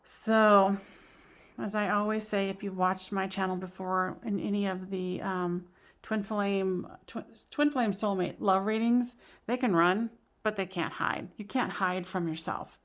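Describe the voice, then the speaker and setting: A woman's voice: mid-range voice, steady tone, unhurried. A woman doing a casual tarot card reading for her channel, talking in a chatty, giggly way with lots of fillers and restarts. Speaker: tarot reader.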